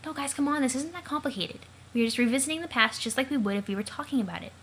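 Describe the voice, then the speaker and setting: A woman voicing a calm, knowing young woman who patiently explains, for a let's play of a comic. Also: high-pitched, racing, a little hiss or hum, rough recording.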